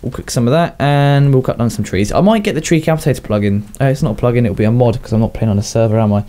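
A fast-talking young gaming YouTuber from southern England rambles through casual Minecraft commentary, chatting away to himself. His voice is warm and mellow at an ordinary pitch, and he often chuckles at his own jokes.

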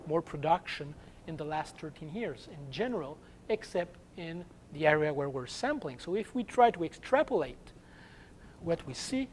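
A man with a French accent, French as his first language, giving an academic seminar lecture and pausing often to search for English words. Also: on the high side, lively intonation, slight background noise. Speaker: guest seminar speaker.

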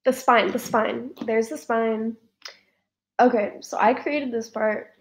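A woman's voice: fairly high pitch, steady tone, slow. A woman vlogging an unboxing in a casual, emphatic way, repeating herself and laughing between words. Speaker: fan fiction writer and vlogger.

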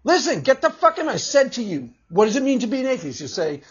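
A man's voice: very high-pitched, very animated, fast, breathy edge. A man vlogging in a profane, mocking rant, swearing heavily and laughing often. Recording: dull lo-fi recording.

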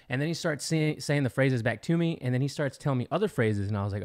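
A man co-hosting a casual podcast, telling a rambling story with quick self-corrections. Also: mid-range voice, lively intonation. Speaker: podcast co-host.

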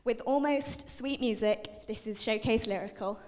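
A woman's voice: on the high side, normal speed, darkish tone. A young woman presenting a student dance showcase on stage, out of breath, chatty and a little flustered, with lots of fillers. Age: young adult. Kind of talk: live stage announcing. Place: large dining hall. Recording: long hall reverb.

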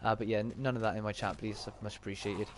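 A man's voice: fairly low pitch, flat delivery, quick pace, slight background noise. A man with a Bristolian accent giving chatty live-stream commentary while he plays and answers his chat. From Bristol, England. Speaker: game streamer.

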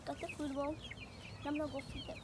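A young woman chatting casually for her vlog while feeding chickens outdoors, filmed on a hand-held phone, rambling and excitable. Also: high voice, fast talker, very noisy. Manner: rambling, excitable, gets loud when the chickens crowd her. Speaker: vlogger. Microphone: phone camera held in hand. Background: clucking chickens and birds.

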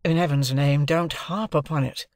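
A man voicing a fearful, strained young gentleman who asks tense, pleading questions. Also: on the high side, steady tone, normal speed, no echo, studio quality, natural voice. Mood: anxious.

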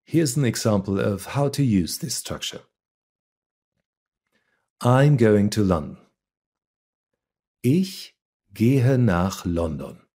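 A man teaching a beginner language lesson, reading example words and sentences one at a time in a deliberate, scripted way. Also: medium pitch, lively intonation, dark tone.

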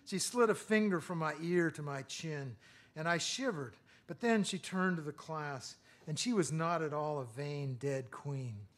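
A middle-aged man giving a lecture, reading his own poems in a measured rhythm and breaking off for hesitant asides full of fillers. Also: a little high, animated. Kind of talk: poetry reading with spoken asides.

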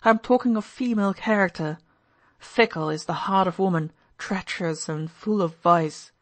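A woman reading the part of a reckless, excitable young man in an audiobook, loud and given to wild outbursts. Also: fairly low pitch, moderate pace, lightly acted.

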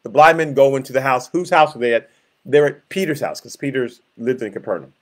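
A pastor leading a Bible study, explaining verses in plain words and acting out scenes with growls and groans. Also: male voice, medium pitch, fast.

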